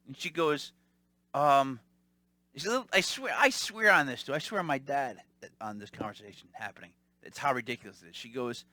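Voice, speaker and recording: A man hosting a podcast, telling rambling stories in a casual, animated way and mimicking the people in them. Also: a little high, normal speed, no room sound. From Italian-American family. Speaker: podcast host. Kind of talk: casual storytelling monologue.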